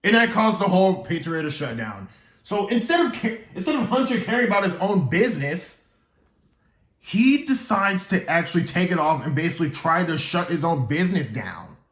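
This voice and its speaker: A man's voice: high-pitched, big pitch swings, moderate pace, a bit bright. Rambling young man in an echoey room. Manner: rambling, loses his script and stumbles, jokes to himself. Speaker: gaming YouTuber. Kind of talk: casual lore explainer.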